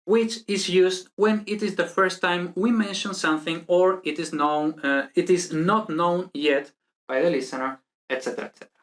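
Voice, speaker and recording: A teacher giving a beginner language lesson, who often checks in with "okay?" and "no?" and repeats words slowly for pronunciation. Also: mid-range voice, steady tone. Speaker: Spanish teacher.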